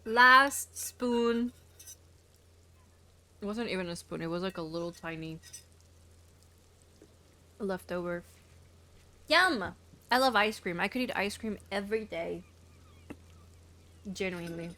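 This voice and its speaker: A woman's voice: medium pitch, measured pace, pauses often, pushed and bright. A woman streaming a video game, chatting casually, giggling often and swearing freely.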